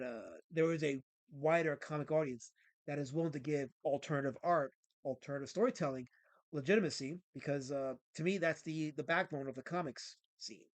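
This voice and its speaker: Host, male, fairly high voice, dry close sound, chatty and rambling about comics. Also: no room sound. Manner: rambling, reads comic strips aloud with filler words. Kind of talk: casual podcast chat about comics.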